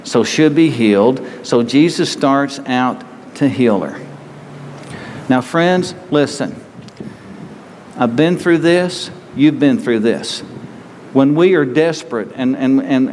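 A male pastor with a medium-pitched, darkish voice preaches unhurriedly in an earnest, conversational way, acting out pleading voices as he retells the story. Hall reverb and faint ambient noise are audible.

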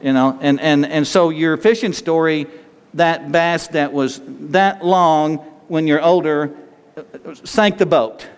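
A folksy man preaching to his congregation, with a voice that sits a little high for a man. He jokes and talks straight to his listeners. His words ring out with a long reverb, as in a big church hall. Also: takes it slowly, smooth. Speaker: pastor. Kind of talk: sermon.

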